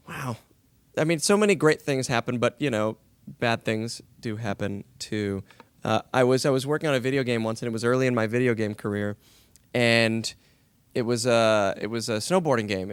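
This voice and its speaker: Man, 30s, voice actor on a panel, animated storyteller, smooth and resonant, dry close sound. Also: mid-range voice, normal speed, dry recording. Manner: animated anecdote, acting out quoted lines.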